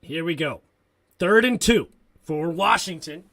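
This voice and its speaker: A man hosting a live sports stream, calling plays and reacting excitably to chat comments. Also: on the high side, unhurried. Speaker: host of a sports talk stream. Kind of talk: live play-by-play and fan commentary.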